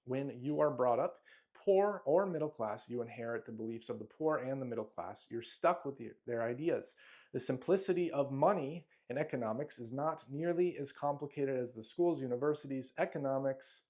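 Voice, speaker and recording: A man's voice: mid-range voice, moderate pace, darkish tone. A man reading aloud from his own money booklet in a motivational style, emphatic and declamatory, with short punchy phrases and the odd off-script aside. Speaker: self-help speaker.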